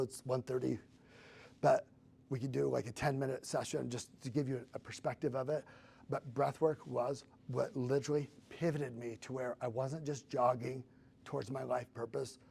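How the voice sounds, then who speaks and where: Middle-aged man, gravelly, casual storyteller acting out the lines, mid pitch. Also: slight background noise. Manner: animated storyteller, acts out quoted dialogue.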